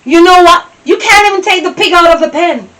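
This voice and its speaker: An actress with a Jamaican accent playing a bossy, scornful wife who scolds and shouts at her household. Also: very high-pitched, fairly quick, low-quality recording. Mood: scolding. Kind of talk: comedy skit acting. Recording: loud background noise.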